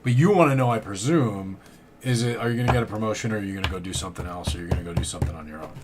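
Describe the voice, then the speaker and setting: A man's voice: fairly low pitch, racing, over music. Rambling, chatty male tarot streamer. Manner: chatty, rambling, shouts out viewers. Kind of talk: casual live-stream chat. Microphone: studio condenser mic.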